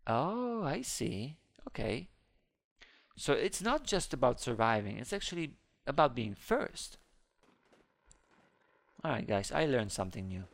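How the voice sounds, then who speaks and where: Excitable gravelly gamer man. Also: unhurried, long pauses. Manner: excitable, swings between squealing highs and low muttering. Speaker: gaming channel host. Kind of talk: casual Roblox let's-play commentary.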